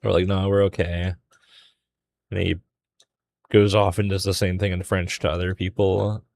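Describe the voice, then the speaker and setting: Young male artist on stream, deep gravelly voice, loose rambling chat. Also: flat delivery, normal speed, darkish tone. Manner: rambling storytelling with many fillers. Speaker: artist streaming a drawing session. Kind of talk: casual chat while drawing.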